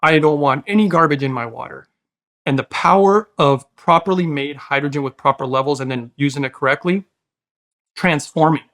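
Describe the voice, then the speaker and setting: A man's voice: on the high side, moderate pace, fairly bright tone. A man speaking as a podcast guest, earnest and emotional, talking in a preachy, heartfelt way and calling the host brother. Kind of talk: casual interview talk.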